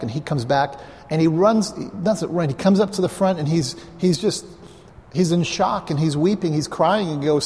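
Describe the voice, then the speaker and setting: A man's voice: a little high, fairly quick, a little mellow. Pastor man preaching in an echoing hall. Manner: conversational, anecdotal, with asides to the congregation. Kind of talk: storytelling sermon. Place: church hall, live before a congregation. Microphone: clip-on mic. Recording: long reverb of a large hall.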